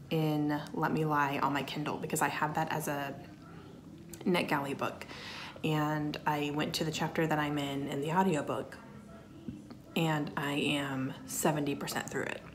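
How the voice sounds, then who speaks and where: A woman's voice: low-pitched, level tone, a little slow, noisy background. A woman in her thirties chatting casually in a reading vlog at home, upbeat and laughing often. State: talking around a mint in her mouth. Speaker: book vlogger.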